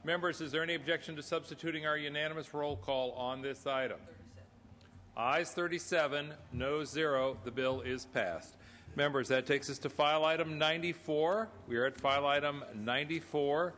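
A man presiding over a senate floor session, running the procedure in brisk, formulaic phrases. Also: on the high side, steady tone, a bit bright, a little hiss or hum. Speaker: presiding officer of a state senate. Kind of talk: formal parliamentary procedure. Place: large legislative chamber. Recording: chamber broadcast with long reverb.

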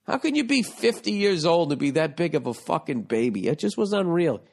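A man's voice: a little high, sing-song, fairly quick, gravelly. A man hosting a podcast, reading listener letters aloud and giving profane, exasperated comedic advice. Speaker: podcast host.

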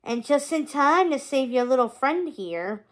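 A woman voicing a sneering, hot-tempered male god of the underworld, loud and drawn-out, in a storybook read-aloud. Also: sits high, lively intonation.

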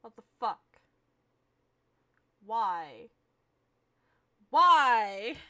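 A woman's voice: fairly high pitch, takes it slowly, a bit bright. A woman streamer giving casual commentary while playing a game, exasperated and profane, with frequent sighs.

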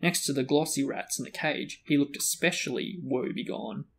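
A man's voice: mid-range voice, normal speed, a bit bright. A man reading a fantasy novel aloud as host of a book discussion. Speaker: reader and host.

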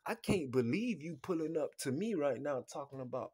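A man hosting a podcast, ranting bluntly and crudely, swinging between muttering and loud outbursts. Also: medium pitch, lively intonation, moderate pace, breathy edge. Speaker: podcast host. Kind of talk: casual podcast rant.

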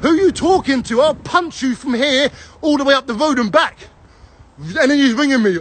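A man tells a story, swearing freely. His pitch jumps all over as he gets worked up. He is middle-aged. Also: moderate pace. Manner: animated, profane, acts out the other man's lines. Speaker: vlogger. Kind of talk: heated storytelling.

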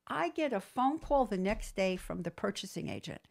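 A woman entrepreneur telling stories in an interview, lively, acting out quoted dialogue. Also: mid-range voice, normal speed, vocal fry. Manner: animated storyteller, acts out quoted dialogue. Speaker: entrepreneur guest; business trainer. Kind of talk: storytelling interview.

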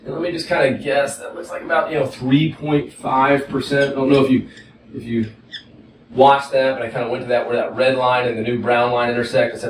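A man's voice: medium pitch, a little fast, echoey room, distant mic, a little hiss or hum, poor audio. A man with a Texas accent teaching economics at a whiteboard, folksy and conversational, often checking in with "okay?". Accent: Texan. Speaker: economics instructor. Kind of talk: whiteboard lecture.

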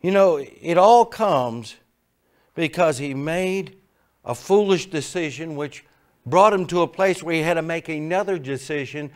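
A middle-aged man preaching a sermon, telling folksy stories and moving between quiet asides and loud emphasis. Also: on the high side, a little slow, clean tone. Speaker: pastor. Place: church sanctuary.

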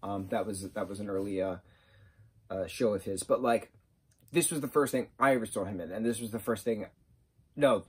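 A man giving a casual spoken movie review, rambling and excitable, full of fillers. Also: fairly low pitch, moderate pace, long pauses, husky.

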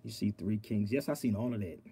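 A man hosting an online livestream, talking straight to his viewers in an animated, preachy way and reading aloud from a law dictionary. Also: lowish voice, brisk, husky. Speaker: online show host. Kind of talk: casual livestream talk.

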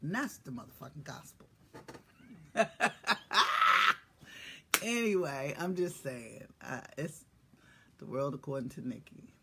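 A woman's voice: extremely low pitch, lively intonation, slow pace, vocal fry, pauses often, background noise. A middle-aged woman hosts a casual morning live stream, teasing, profane and playful, greeting viewers by name. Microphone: phone or webcam live stream.

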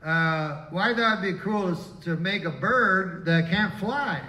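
A man's voice: high voice, slow pace, pushed and bright, heavily acted. A man doing God as a distracted, impatient creator who brushes off questions in a stand-up bit. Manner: brusque, distracted, dismissive. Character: impatient offhand male God, creator deity. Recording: echoey far-off live room with audience.

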